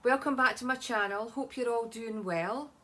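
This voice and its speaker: A woman's voice: a little high, moderate pace, a bit bright. A Scottish woman chatting casually in a home beauty vlog, rambling with many ums and asides. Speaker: vlogger.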